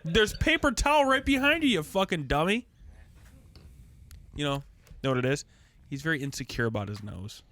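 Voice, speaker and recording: Man, podcast co-host, higher pitch, animated crude banter. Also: normal speed, long pauses. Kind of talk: casual chat.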